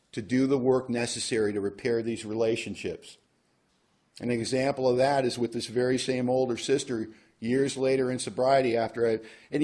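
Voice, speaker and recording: A man's voice: medium pitch, darkish tone. A man speaking at a recovery workshop, telling a personal story in a wry, self-mocking way. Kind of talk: storytelling talk.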